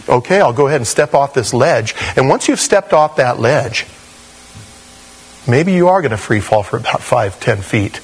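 During his sermon, a pastor relates personal stories and performs the voices he quotes, jumping animatedly between a high voice and a low one.

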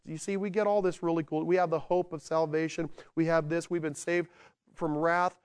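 A male pastor preaching a sermon with animated delivery, dropping into slow, quiet emphasis and then building to excited bursts. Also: a little high, clear, resonant tone. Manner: slows down to stress key words.

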